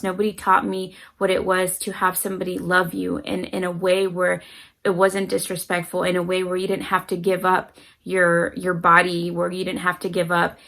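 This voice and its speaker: A woman's voice: fairly low pitch, creaky, a bit bright, poor audio. A middle-aged mother talking casually to camera with parenting advice, earnestly acting out her children's voices as she tells stories. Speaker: parenting vlogger.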